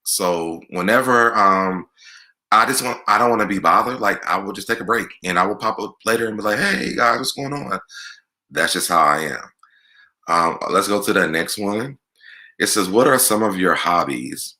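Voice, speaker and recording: A man's voice: low-pitched, normal speed, pushed and bright. A man hosting his own channel, answering viewer questions in a candid, chatty vlog. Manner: candid, chatty, loose delivery. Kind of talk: casual Q&A vlog.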